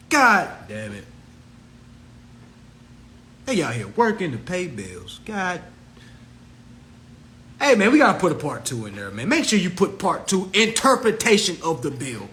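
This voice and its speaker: A man hosts an animated, profane and preachy talk about law, and mimics others in shrill voices. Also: a little slow, pauses often. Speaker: host. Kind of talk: livestream talk.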